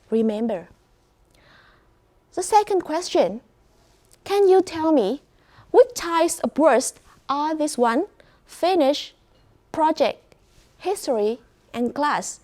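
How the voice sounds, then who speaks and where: A woman with a Vietnamese accent teaching an English class, speaking slowly and clearly, praising and prompting students. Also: high voice, mellow.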